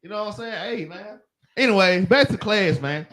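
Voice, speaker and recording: A man's voice: high-pitched, moderate pace, fairly bright tone. A man with a Southern US accent leading a religious class, telling loose slangy work stories and laughing. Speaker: class leader. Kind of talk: casual teaching chat.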